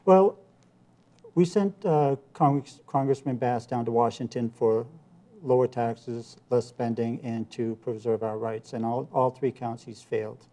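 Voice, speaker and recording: A man's voice: medium pitch, unhurried, mellow. A man running for office, answering interview questions earnestly with campaign points and some restarts. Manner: earnest, repeats himself, campaign talking points. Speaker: congressional candidate, guest.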